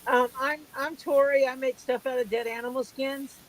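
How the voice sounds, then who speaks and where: A woman's voice: high voice, fairly even intonation, moderate pace, slight background noise, poor audio. A woman co-hosting a live chat, tossing in dry quips from the side. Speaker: livestream co-host.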